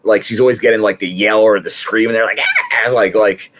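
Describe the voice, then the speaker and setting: Lowish voice guy, podcast co-host, rambles through his take on the match. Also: fairly even intonation, a little fast. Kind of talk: casual wrestling review chat.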